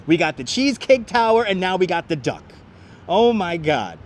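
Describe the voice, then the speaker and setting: A man's voice: sits high, very animated, normal speed, a little hiss or hum. A man hosting a casual live-stream walking tour outdoors, chatting to viewers and laughing often, on a clip-on mic. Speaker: livestream host. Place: outdoors on an elevated city park walkway. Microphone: wireless clip-on mic.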